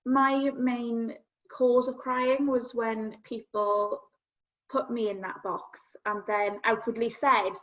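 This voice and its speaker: A woman guest shares her story earnestly, pausing often as she searches for words. Her voice sits slightly high. The sound is muffled and lo-fi. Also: level tone. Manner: earnest, halting, self-searching. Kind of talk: personal storytelling in interview. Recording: dull lo-fi sound.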